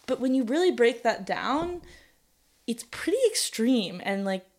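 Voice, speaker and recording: A woman's voice: fairly high pitch, sing-song, measured pace, darkish tone. Chatty young woman thinking aloud. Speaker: podcast co-host. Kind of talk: casual conversation.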